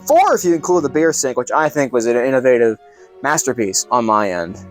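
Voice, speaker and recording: A man's voice: medium pitch, big pitch swings, a little fast, soft background music. A man hosting a comedic cooking vlog, narrating in a playful, mock-grand showman way. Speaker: cooking show host.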